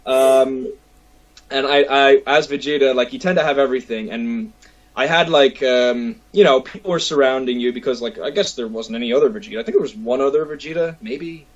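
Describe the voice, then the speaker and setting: A man hosting a casual chat, telling stories in an animated way with lots of fillers. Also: mid-range voice, fairly quick, lo-fi sound. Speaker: podcast host.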